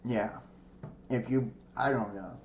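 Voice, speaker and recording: A man's voice: mid-range voice, steady tone, takes it slowly, a little hiss or hum. A male podcast host reads news aloud in a loose, cursing, conversational way, often chuckling between lines. His voice sits in the middle of the range, and the room gives it a noticeable echo. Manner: profane, chatty, laughs between lines. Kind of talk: reading news aloud with casual commentary. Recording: echoey room.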